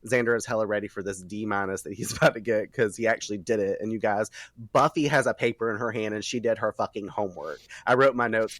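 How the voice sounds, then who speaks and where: A man hosting a podcast, recapping a TV episode in casual chat, animated, laughing often and swearing freely. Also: lowish voice, quick pace, a little hiss or hum.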